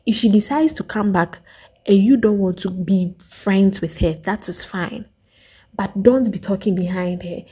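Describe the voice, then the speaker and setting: Woman with a Ghanaian accent, reality TV vlogger, emphatic and opinionated, mellow husky voice. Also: mid-range voice, measured pace. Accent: Ghanaian English. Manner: emphatic, animated, acts out quoted lines. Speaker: reality TV reviewer. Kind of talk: opinionated review monologue.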